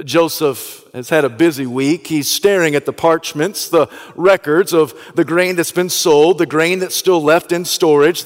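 A Southern American man preaching with a slightly high voice, retelling the story in an animated, dramatic way and breaking into loud bursts. His voice rings out with a long reverb, as in a large hall. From Southeastern United States. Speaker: pastor. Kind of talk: sermon storytelling.

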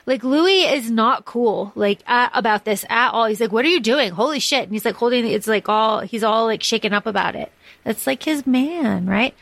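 High-pitched, chatty woman podcaster. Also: normal speed, creaky, dry recording. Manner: animated, profane, lots of fillers and restarts. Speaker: podcast host. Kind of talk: casual chat.

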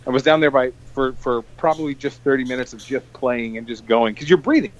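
A man co-hosting a podcast, telling a long story in an animated, swearing casual chat. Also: medium pitch, brisk, lo-fi sound. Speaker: podcast co-host.

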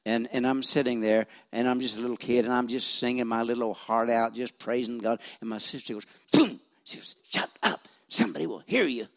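Brisk and barely pausing, this man in his seventies speaks at medium pitch with vocal fry. He's a retired pastor from Missouri delivering a homespun sermon in church, full of self-deprecating humor and frequent restarts.

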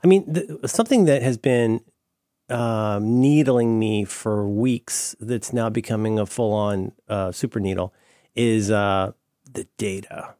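A man's voice: on the low side, measured pace, dark tone, no echo, studio quality. A man co-hosting a casual podcast, playful and jokey, rambling through his thoughts. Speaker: podcast co-host. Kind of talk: casual chat.

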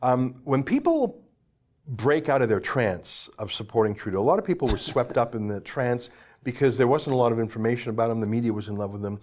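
A man's voice: mid-range voice, lively intonation, brisk, a little mellow. Scornful male political commentator. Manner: emphatic and scornful, with restarts. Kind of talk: opinionated political talk.

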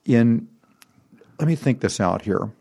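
A middle-aged man with a voice of ordinary pitch, chatting casually as a concert promoter. He rambles from anecdote to anecdote with a wry, joking humor. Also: lively intonation, slow, gravelly, dark tone, breathy edge. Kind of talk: casual storytelling chat.

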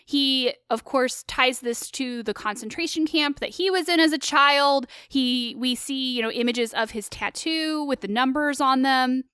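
A woman co-hosting a casual film discussion, animated and opinionated with quick asides. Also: high voice, clean tone, no echo, studio quality. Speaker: co-host of a film discussion show. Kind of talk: casual film commentary chat.

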